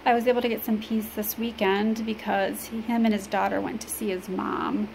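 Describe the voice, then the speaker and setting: A woman from Illinois talks to the camera in a personal vlog, halting and rambling with many fillers. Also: medium pitch, vocal fry, poor audio. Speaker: vlogger. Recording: steady background noise.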